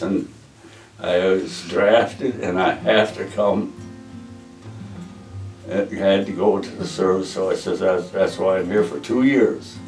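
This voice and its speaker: Older male veteran, low voice, plainspoken oral-history teller; roomy distant recording with faint music under. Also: a little mellow. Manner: plainspoken, repeats "he says" while retelling dialogue. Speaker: veteran interviewee.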